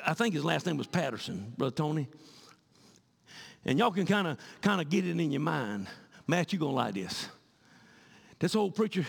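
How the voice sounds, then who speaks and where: A male pastor preaching a sermon in church, swinging from fervent shouting to hushed pleading. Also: on the high side, creaky, breathy edge, in a large hall.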